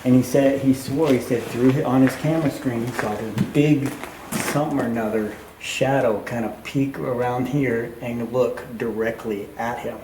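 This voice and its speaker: A man working as a tour guide, telling a ghost story in a lively way and acting out what people said, in an underground mine tunnel. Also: mid-range voice, normal speed. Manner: animated retelling with acted quotes. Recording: echoey tunnel, faint noise.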